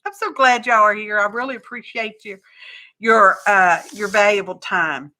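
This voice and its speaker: Chatty woman with a bright voice. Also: medium pitch, fairly even intonation, measured pace. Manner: chatty and folksy, greets viewers by name, says y'all. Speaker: crafting livestream host. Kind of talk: casual live craft chat.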